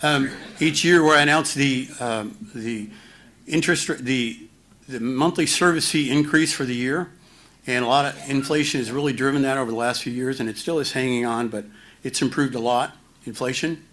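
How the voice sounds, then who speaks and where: Halting man presenting finances. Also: mid-range voice, fairly bright tone. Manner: halting, many fillers and restarts; dry self-mocking humor. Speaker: finance officer at a town hall. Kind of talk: presenting slides at a town hall.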